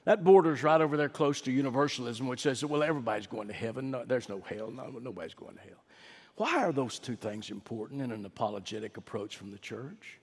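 A man preaching a sermon in a church, swinging from emphatic, drawn-out peaks to low, hushed asides. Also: slightly rough, big-room sound. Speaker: pastor.

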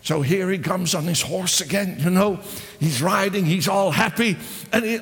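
A man preaches with a high, gravelly voice, telling a story in a lively way. He often stumbles, restarts and repeats his words. His voice rings with a long hall reverb. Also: moderate pace. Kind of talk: sermon storytelling.

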